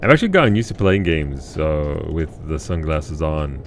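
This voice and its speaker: A man's voice: rumbling low, big pitch swings, normal speed, slight background noise. A man in his thirties, live-streaming a video game and casually chatting with his viewers, reading and answering chat messages aloud.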